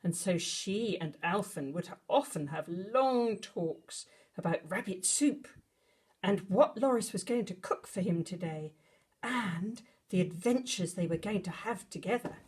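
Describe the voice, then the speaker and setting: A woman reading a children's bedtime story aloud, expressive, with dramatic gasps and animal noises. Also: mid-range voice, measured pace, breathy edge.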